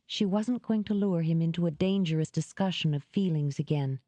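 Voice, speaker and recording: A woman reading a romance novel aloud in a measured, even narration. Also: lowish voice, dry recording. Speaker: audiobook narrator. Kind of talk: scripted narration.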